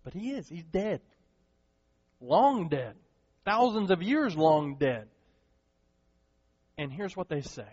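High-voiced preacher in a reverberant hall. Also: male voice, slow, pauses often. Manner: animated, acts out quoted voices. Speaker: pastor. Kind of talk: sermon. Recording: dull, long hall reverb.

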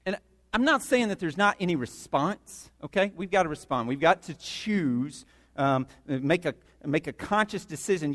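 High-voiced emphatic male preacher. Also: lively intonation, moderate pace, in a large hall. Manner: emphatic, building to loud repetition. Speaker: pastor. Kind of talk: sermon.

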